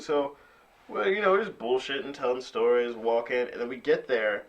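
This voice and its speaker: A man's voice: medium pitch, brisk. A young man co-hosting a podcast, joking and swearing freely in casual chat. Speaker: podcast co-host.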